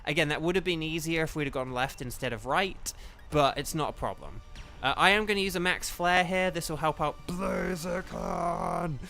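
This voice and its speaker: Bright-voiced chatty male streamer. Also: a little high, lively intonation, brisk, soft background music. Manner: rambling, chatty, thinks aloud with many "like"s. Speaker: streamer and voice actor. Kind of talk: casual live-stream chat while gaming.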